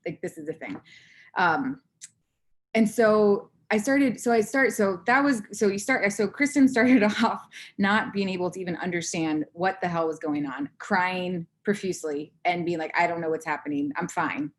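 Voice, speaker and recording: A woman in her thirties giving a candid personal talk to an audience, acting out her own inner voice in lively bursts. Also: mid-range voice, moderate pace. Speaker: conference speaker.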